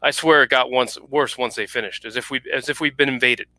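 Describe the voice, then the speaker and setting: A man's voice: mid-range voice, steady tone, fairly quick, bright, forceful tone, no echo. A man voicing a harried, irritable president in a story reading, with an exasperated, clipped manner. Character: harried middle-aged male president, irritable.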